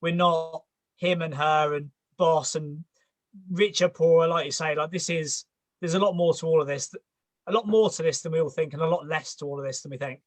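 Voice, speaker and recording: A man's voice: fairly high pitch, steady tone, moderate pace, dry recording. A man hosting an interview, asking long rambling questions with enthusiasm and frequent repeats. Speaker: host.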